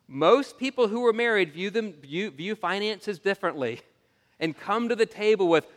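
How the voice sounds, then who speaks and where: A man preaching a sermon as pastor, telling stories in an earnest, animated way and often restarting his sentences. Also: a little high. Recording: long reverb of a large hall.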